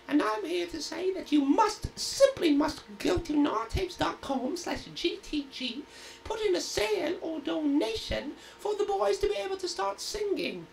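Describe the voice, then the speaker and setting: A man doing a shrill, prim old English queen. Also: gravelly, distant mic, a little hiss or hum, heavily acted. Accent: put-on posh English. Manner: plummy, affected old-fashioned English phrases. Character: haughty prim elderly queen of England.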